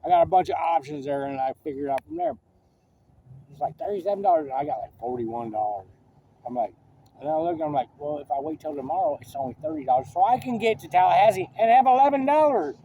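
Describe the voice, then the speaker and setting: High-pitched male vlogger; rambling, swearing, heated storyteller. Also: fast talker, dark tone, a little hiss or hum. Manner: profane, rambling, gets worked up. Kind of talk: rambling story rant vlog.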